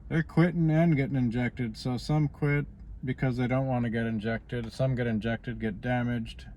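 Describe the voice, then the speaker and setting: A man's voice: medium pitch, steady tone, moderate pace, darkish tone, highs cut off, slight background noise. A man vlogging in a rambling, casual way, stopping often on "you know" as he drifts from politics to personal life.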